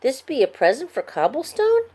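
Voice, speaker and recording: A woman's voice: high voice, wildly swooping pitch, normal speed, a little mellow, slightly rough, pitched above the performer's own voice, full character voice. Woman putting on a grumpy old leprechaun. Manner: archaic "be" speech, grumbling.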